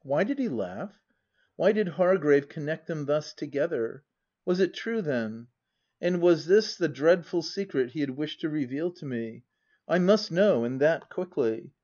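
A man narrating a classic novel in an even, measured first-person reading. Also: on the high side. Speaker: audiobook narrator. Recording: dull lo-fi audiobook recording.

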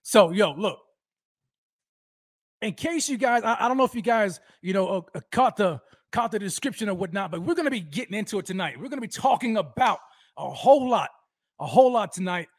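A man hosting a fan livestream, energetically shouting out viewers by name and talking about how fired up he is. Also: high-pitched, expressive, brisk, no echo. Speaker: host of a fan livestream show. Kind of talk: energetic live-stream roll call.

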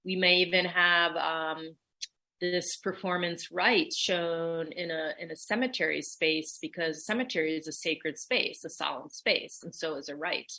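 A woman who directs a dance company, speaking as a guest on a radio show. Her voice is bright and forward, sitting slightly low. She talks with playful enthusiasm. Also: a little slow. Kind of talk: casual radio interview.

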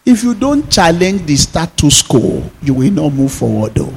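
A man's voice: fairly high pitch, sing-song, moderate pace, gravelly, slight background noise, rough recording. A man preaching a sermon as pastor, emphatic and full of repeated rhetorical questions.

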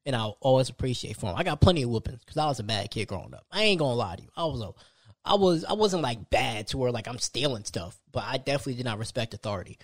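A man's voice: medium pitch, lively intonation, quick pace, no room sound, clean studio sound. Man talking casually on a solo podcast. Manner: casual, conversational, many restarts and asides. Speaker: podcast host.

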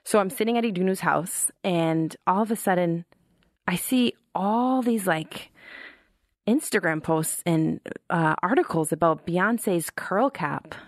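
A young woman telling the story of founding her brand in a chatty, expressive way. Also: on the low side, a little slow, no echo, clean studio sound. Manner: chatty and expressive, with animated quoted reactions. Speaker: founder of a hair-friendly hat brand. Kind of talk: casual storytelling to camera.

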